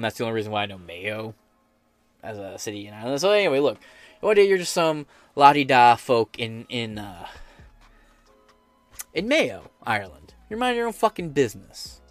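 A man's voice: mid-range voice, no echo. A man hosting a podcast, giving a profane, sarcastic, rambling rant of political commentary. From United States. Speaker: podcast host.

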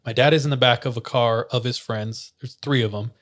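A young man chatting casually on a podcast, telling an animated story, acting out quotes and laughing often. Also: mid-range voice, brisk.

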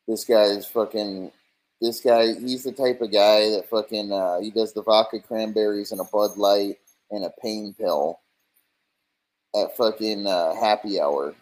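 Male streamer, lowish voice, rambling, profane, mocking. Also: fairly even intonation, a little slow, a little mellow, rough recording. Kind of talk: casual stream rant.

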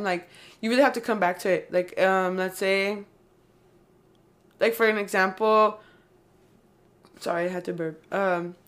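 Rambling young woman, casual chat. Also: mid-range voice. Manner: rambling, heavy use of "like" and "um".

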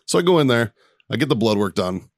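A podcast host chats casually in a clean, echo-free studio, his mid-range voice moving at a quick clip. He tells an animated story, laughing a lot and swearing freely.

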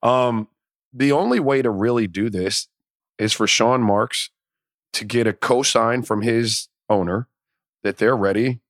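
A man co-hosting a casual sports podcast, talking in animated, profane riffs and acting out imagined inner dialogue. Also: mid-range voice, unhurried, no room sound, clean studio sound. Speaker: podcast co-host.

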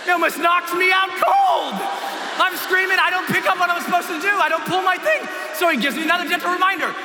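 Brief: very high-pitched male motivational speaker, wildly lively delivery, shouts a lot, roomy hall with noise behind. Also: a little fast, over a noisy crowd. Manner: animated, shouting, bursts of screaming. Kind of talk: storytelling speech on stage.

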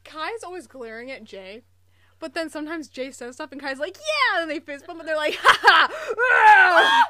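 A woman hosting a casual watch-along podcast chat, giggly and excitable, often mimicking characters in mock voices. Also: sits high, normal speed. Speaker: podcast host.

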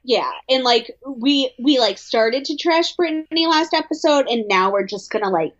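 Higher-voiced woman co-host, dull audio. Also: expressive, moderate pace. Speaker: podcast co-host. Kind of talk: casual recap chat.

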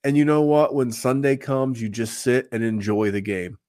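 A man of average pitch hosts a podcast in a loose, upbeat way. He rambles a little, stacking shout-outs and plugs as he goes, in an easy, casual chat. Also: moderate pace. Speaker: podcast host.

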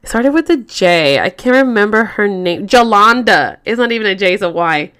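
A woman's voice: medium pitch, animated, brisk, clean tone. A woman hosting a podcast, telling a story in a rambling, profane, casual way full of fillers. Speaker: podcast host.

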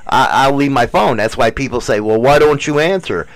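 A man's voice: medium pitch, expressive, moderate pace. A man co-hosting a podcast, bantering casually in a profane, boastful, mock-preaching way. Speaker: podcast co-host.

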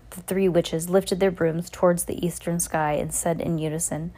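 Lowish female host, reads storybooks aloud, chatty, playful with a child. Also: steady tone, normal speed, few pauses, dark tone. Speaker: podcast host reading to kids.

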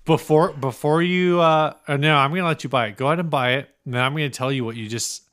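A man on a relaxed podcast, reading out a listing in a teasing, mock-serious way. His voice sits a little high for a man. He eggs his co-host on with an easy, playful manner. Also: quick pace. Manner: teasing, reads listings aloud with mock quotes. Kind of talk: casual chat.

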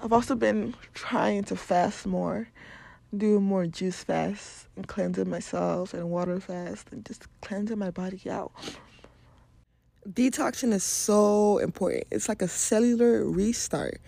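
Gravelly-voiced woman from Nigeria, frank podcast talk. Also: mid-range voice, measured pace, mellow, no room sound. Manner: frank and profane, laughs often. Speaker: podcast host. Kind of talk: casual spiritual wellness monologue.

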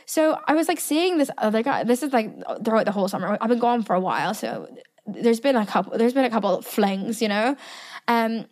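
A woman's voice: a little high, lively intonation, brisk, a little mellow. A woman in her twenties hosting a podcast, chatting casually and rambling with lots of fillers. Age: 20s. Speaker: podcast host. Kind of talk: casual chat.

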